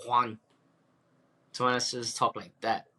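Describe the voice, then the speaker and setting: Bright-voiced man, brash podcast banter. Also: medium pitch, flat delivery, unhurried. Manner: brash, joking banter with slang. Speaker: podcast co-host. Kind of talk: casual chat.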